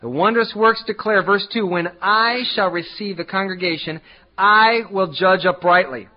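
A man preaching a sermon as pastor, emphatic and repetitive, swinging from loud declarations to hushed asides. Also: high-pitched, moderate pace, lo-fi sound.

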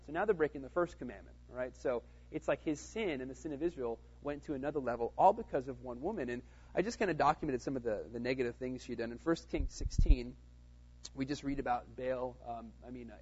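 Husky-voiced man teaching a Bible study. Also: medium pitch, darkish tone, dull audio. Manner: conversational, with many fillers and "right?" check-ins.

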